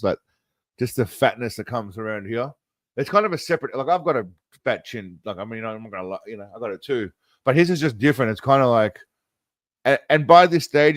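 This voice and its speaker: A man's voice: mid-range voice, dry recording. A man hosting a stream, casually reacting to a film trailer in a mocking, rambling way. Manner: mocking, rambling, laughs at his own jokes.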